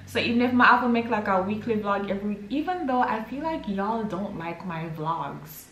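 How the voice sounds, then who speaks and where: A woman's voice: medium pitch, expressive, fairly quick, fairly bright tone, highs cut off, slight background noise. A young Jamaican woman chatting casually to her vlog audience at home, switching between patois and English. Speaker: vlogger. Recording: roomy echo.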